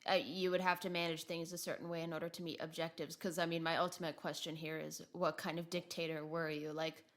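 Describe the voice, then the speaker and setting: A woman's voice: sits low, level tone, quick pace. A woman co-hosting a podcast in casual chat, asking questions and laughing often. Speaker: podcast co-host.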